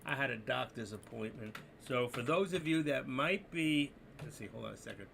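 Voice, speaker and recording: A man hosting a live trading stream, talking to viewers in an excitable, rambling, joking way. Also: medium pitch, normal speed, vocal fry, background noise. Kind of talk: casual live-stream commentary.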